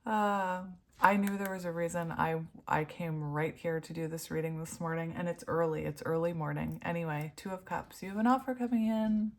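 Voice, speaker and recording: A woman's voice: sits low, steady tone, normal speed. Giggly, gushing woman reading tarot. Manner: giggly, gushing, laughs often; emotional, heartfelt. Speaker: tarot reader. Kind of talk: casual tarot reading to camera.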